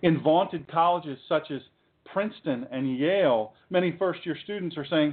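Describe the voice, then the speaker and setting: A man preaching a sermon, fiery and emphatic, with dramatic pauses. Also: a little high. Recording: tinny phone-like sound.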